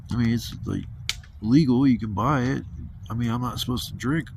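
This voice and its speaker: Man, low and gravelly, laid-back profane storyteller; noisy outdoor ambience. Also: moderate pace. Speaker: vlogger. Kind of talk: casual storytelling. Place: outdoors at a campsite.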